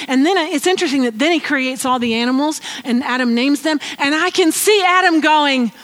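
A woman with a high voice gives an informal Bible teaching. She tells the story in an animated, chatty way and laughs often. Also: a little fast, few pauses.

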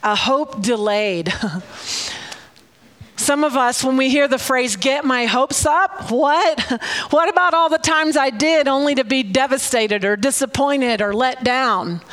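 Middle-aged woman preacher, slightly high voice, tearful and animated, laughs often. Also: a little slow. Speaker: pastor. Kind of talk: sermon with personal prophetic words.

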